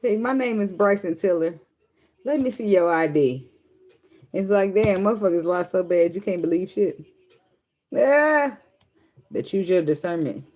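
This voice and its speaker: A woman giving a casual tarot reading, joking and swearing freely and singing along softly between cards. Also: lowish voice. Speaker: tarot reader.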